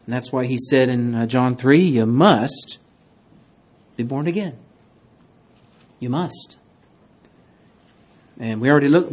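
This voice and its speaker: Emphatic male preacher, swinging loud to hushed. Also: fairly high pitch, slightly rough. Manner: reads scripture in King James wording. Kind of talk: sermon.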